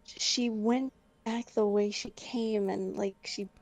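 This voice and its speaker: A woman's voice: mid-range voice, steady tone, slow pace, a little mellow. A woman playing a tabletop game, chattily recounting her character's dream. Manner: chatty, lots of "I'm like" quoting. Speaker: player.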